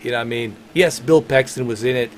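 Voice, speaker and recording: A male game streamer talking loosely over his stream, rambling from one thing to the next with plenty of swearing and bursts of laughter. His pitch sits in an ordinary middle range, and he leans hard into emphatic declarations. A faint background hum runs under his voice. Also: quick pace. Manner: rambling, profane, laughs often; excited and emphatic. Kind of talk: casual livestream chat.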